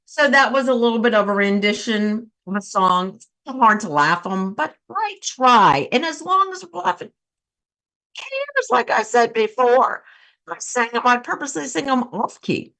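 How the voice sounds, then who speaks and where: A woman's voice: on the high side, big pitch swings, moderate pace, gravelly, pushed and bright. A woman hosting a laughter yoga session, cheerfully coaxing listeners and breaking into bursts of laughter.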